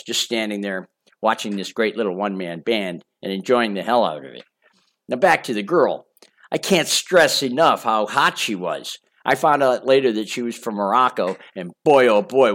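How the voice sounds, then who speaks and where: An older man reading his own memoir as an audiobook, in a casual, chatty and boastful storytelling manner. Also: lowish voice. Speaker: memoir author.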